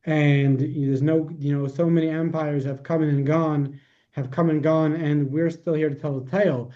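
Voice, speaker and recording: A man's voice: a little high, level tone, moderate pace, warm tone, lo-fi sound. A man teaching a class, patiently explaining ideas and answering questions step by step.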